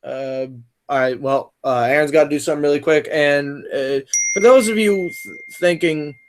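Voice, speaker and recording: Young man, podcast host, rambling, slightly high voice. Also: normal speed, background noise. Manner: rambling, many fillers and restarts. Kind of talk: casual podcast chat.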